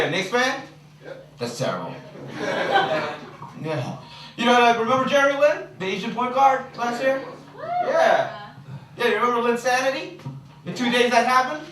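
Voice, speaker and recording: Young man from the Philippines, high and lively stand-up comic, roomy distant club sound. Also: measured pace, long pauses. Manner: animated, shouting punchlines, crowd work. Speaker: stand-up comedian. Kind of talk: stand-up comedy set. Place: comedy club stage. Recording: echoey club recorded from far off with noise.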